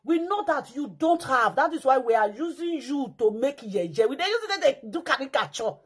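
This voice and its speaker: High-voiced Nigerian Pidgin woman, dramatic. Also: sing-song, normal speed. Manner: mocking, dramatic, sing-song chants and cries. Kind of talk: animated pidgin commentary.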